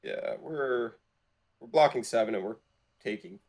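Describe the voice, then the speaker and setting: A man's voice: mid-range voice, expressive, vocal fry, a little mellow. A man doing live color commentary on an esports card game, reacting and chatting with his co-caster. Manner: conversational, quick to react.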